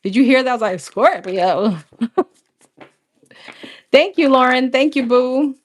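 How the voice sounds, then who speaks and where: A young adult woman runs through a casual tarot reading, calling out cards in a row, chatting with her viewers, and laughing often. Her voice is high-pitched and quick.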